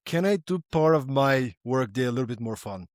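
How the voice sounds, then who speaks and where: A man's voice: medium pitch, expressive, a little fast, dry recording, clean studio sound. A man hosting a podcast, chatting in a playful, upbeat way and acting out little voices in his stories. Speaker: podcast host. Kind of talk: conversational interview.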